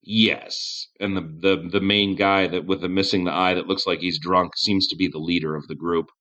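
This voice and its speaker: A man's voice: sits low, flat delivery, normal speed, bright, forceful tone. A man narrating as game master of a tabletop game, casual and swearing, laughing often.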